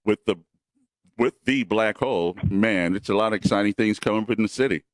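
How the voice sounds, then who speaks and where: Low voiced guy cohosting a sports show, piles up questions, dry sound. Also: fairly quick, no room sound. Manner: friendly, stacked questions. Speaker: podcast co-host. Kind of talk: casual sports interview.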